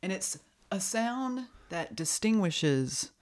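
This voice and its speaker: A woman's voice: medium pitch, very animated, slow pace, darkish tone. A middle-aged woman hosting a podcast in casual chat, playful and laughing as she explains. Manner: chatty, laughing, playful imitations. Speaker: podcast host.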